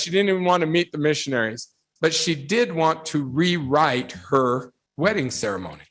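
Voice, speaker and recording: A man giving a devotional talk to young people, telling animated anecdotes and asking rhetorical questions. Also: a little high, normal speed. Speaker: religious speaker addressing youth.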